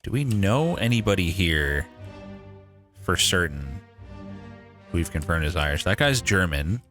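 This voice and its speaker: A man's voice: low voice, sing-song, unhurried, fairly bright tone, faint music behind. A man streaming a game live, thinking aloud with casual swearing and frequent laughs. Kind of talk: live gameplay commentary.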